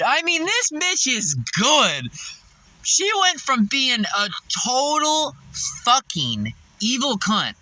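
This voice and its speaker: A man with a high, very lively voice vents in a casual, profane storytelling rant. His tone is sharp and bright, and he breaks into laughter between lines as he acts out the people he works with. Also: rough recording. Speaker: fast-food worker venting.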